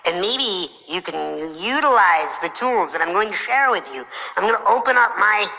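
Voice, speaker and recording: A man's voice: sits high, expressive, moderate pace, gravelly, pushed and bright, lo-fi sound. A man giving a motivational keynote talk on stage, telling a story playfully and acting out other people's lines. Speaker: motivational speaker. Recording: long hall reverb.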